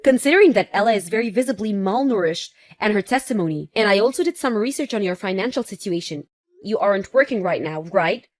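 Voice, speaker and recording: A woman's voice: mid-range voice, no echo, natural voice. A woman voicing a protective young fiancée who speaks firmly and with indignation in a text-message story. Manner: firm, indignant.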